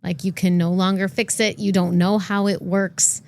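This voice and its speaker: A woman guest on a podcast in casual chat, animated and quick to laugh. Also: medium pitch, creaky.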